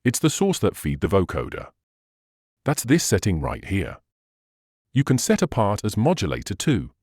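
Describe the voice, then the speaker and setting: Low-voiced man explaining synth settings. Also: wildly swooping pitch, normal speed, darkish tone, husky, no room sound, clean studio sound. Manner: patient step-by-step explaining, slightly non-native phrasing. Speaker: synthesizer tutorial host. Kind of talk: instructional screen walkthrough.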